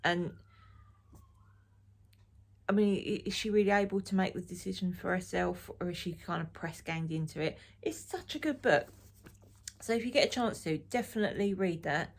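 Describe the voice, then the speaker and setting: A middle-aged woman from Essex, chatting frankly and ramblingly to camera as a knitting vlogger. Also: on the low side. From Essex, England. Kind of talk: casual chat to camera.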